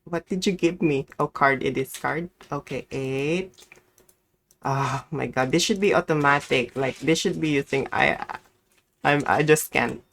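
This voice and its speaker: A woman's voice: very deep voice, a little slow, creaky, a bit bright, a little hiss or hum. A young woman from the Philippines streaming a game live, chatting to herself, swearing and squealing greetings at customers. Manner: swearing, chatty self-talk while playing. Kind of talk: live gameplay chat.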